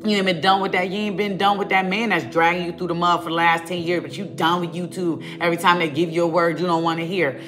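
A woman preaching to her online viewers in a fiery, scolding rant. Her voice is bright and sharp, and she hammers her points home through repetition. Faint music plays underneath her. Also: medium pitch, a little fast. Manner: emphatic, scolding, repetitive, colloquial. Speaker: online prophetic minister.

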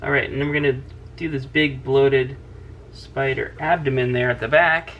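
A man's voice: medium pitch, steady tone, normal speed, muffled recording, background noise. A man hosting a casual drawing tutorial, chatty and teasing as he narrates each stroke. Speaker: host, drawing teacher.

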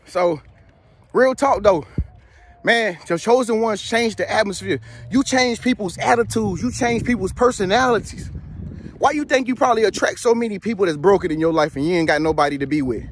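A man giving a casual motivational talk, animated and slangy, joking as he tells stories. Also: high-pitched, brisk, a little hiss or hum. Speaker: motivational vlogger.

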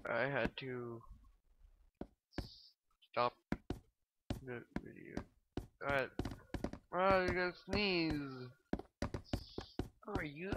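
A woman's voice: deep voice, slow, long pauses. A woman casually commenting on her gameplay, chatting to the characters on screen, swearing and giggling as she goes. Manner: excitable, swearing, giggly, talks to game characters. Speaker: let's play gamer. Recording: loud background noise.

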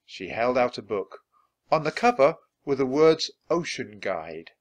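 Lively expressive man reading a storybook. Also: medium pitch, a little slow. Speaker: storybook reader. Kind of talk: children's book read-aloud.

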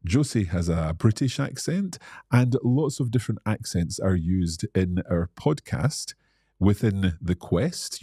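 Scottish male teacher hosting a live Q&A, low husky voice, friendly and explanatory. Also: mellow, no echo, clean studio sound. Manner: friendly, explanatory, reads out viewer comments. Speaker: English teacher and host. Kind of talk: live-stream Q&A.

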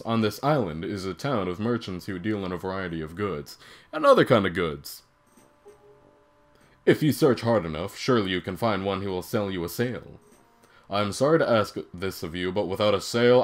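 A man voicing a grave, slow-speaking male talking boat. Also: fairly low pitch, pitched below the performer's own voice, close to an everyday voice. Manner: slow, solemn pronouncements. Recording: faint music behind.

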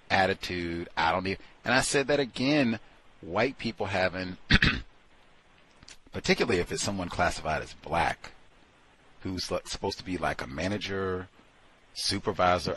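A man's voice: sits low, a bit bright, breathy edge. A man hosting a talk show, commenting in a rambling, emphatic way and repeating himself often. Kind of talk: casual commentary on a call-in show.

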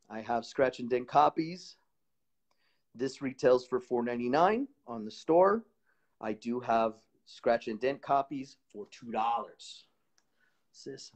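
A man hosting a live shopping stream, chatting casually with viewers in an upbeat way and pitching items for sale.

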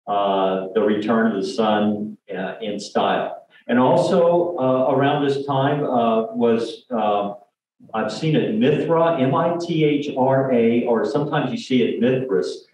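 A man's voice: mid-range voice, unhurried, darkish tone. A man giving a rambling church presentation, full of fillers, restarts and jokey asides. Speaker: lay speaker. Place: church hall. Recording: distant mic, echoey sanctuary, dull lo-fi sound.

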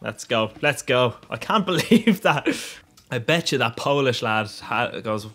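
A man's voice: mid-range voice, normal speed. Laughing, swearing young guy. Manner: swears a lot, laughs often, rambling and excitable. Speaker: gaming YouTuber. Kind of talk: gameplay commentary.

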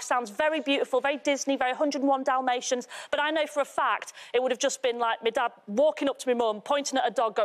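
A woman's voice: high voice, fast, few pauses, some chatter behind. A woman with a Yorkshire accent doing a chatty, self-deprecating stand-up routine. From Yorkshire, England. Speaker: stand-up comedian. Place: TV studio stage. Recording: noisy studio with laughing audience.

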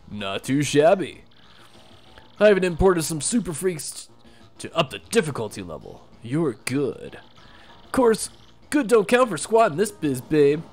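A man's voice: on the high side, big pitch swings, normal speed, soft background music, voice pushed up. A man voicing a boastful hulking male wrestler bird who trash-talks and growls. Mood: cocky. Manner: swaggering trash talk, growls and laughs.

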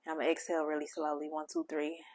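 A woman hosting a spiritual channel, speaking gentle, heartfelt affirmations straight to the listener. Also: low-pitched, monotone, very fast. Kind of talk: affirming spiritual message to the viewer.

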